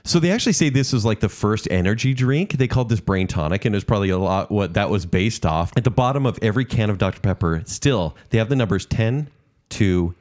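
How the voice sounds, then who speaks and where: Man, low voice, podcast co-host, easygoing, joking trivia chat. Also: animated, fast talker, darkish tone. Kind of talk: casual chat.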